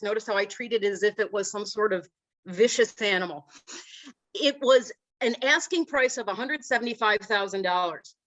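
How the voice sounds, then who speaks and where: A woman's voice: a little high, lo-fi sound. Woman telling a funny story. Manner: animated, self-deprecating storytelling. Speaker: Toastmasters speaker. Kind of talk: humorous storytelling speech.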